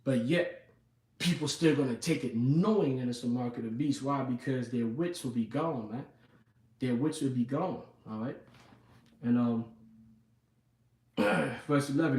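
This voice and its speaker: A man's voice: medium pitch, moderate pace, a little mellow. Man, informal sermon, conversational preacher, scripture reading, roomy echo, distant mic. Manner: conversational, repeats "you know what I'm saying" and "man". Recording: echoey room, mic at a distance.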